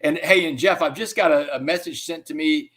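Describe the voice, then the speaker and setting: A man with a fairly high voice tells his own story in an interview. He talks in an animated way and keeps dropping in "man.". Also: fairly quick. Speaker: interview guest.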